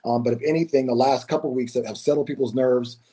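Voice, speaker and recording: A man with a mellow, warm voice guests on a podcast. He chats casually and often repeats words as he gathers his thoughts. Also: medium pitch, fast talker, husky. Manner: relaxed, repeats words while thinking. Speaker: guest, former college basketball player. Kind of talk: casual interview.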